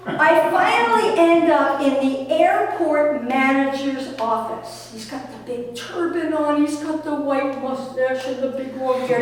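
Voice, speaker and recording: High-voiced woman telling a story in a hall. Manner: animated, chatty, self-mocking. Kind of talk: live storytelling on stage. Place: small venue with an audience. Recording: echoey hall from far off. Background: audience laughter.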